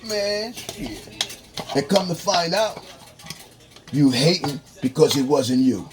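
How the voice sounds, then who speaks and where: A man vlogging a profane, heated rant, dropping to low mutters and jumping to high-pitched outbursts. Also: sing-song, slow, pauses often, over music. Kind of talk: profane ranting monologue. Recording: noisy, running water tap behind.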